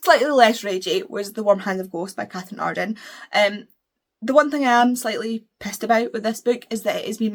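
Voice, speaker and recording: Ranting Scottish woman book vlogger. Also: mid-range voice. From Scotland. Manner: ranting, animated and exasperated. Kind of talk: casual chat.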